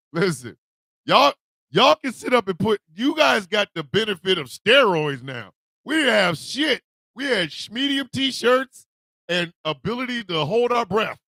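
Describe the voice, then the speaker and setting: A man hosting a morning radio show, telling comic confessions with put-on voices and loud, laughing bursts. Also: sits high, no room sound. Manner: animated storytelling with put-on voices. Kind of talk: comedic radio monologue.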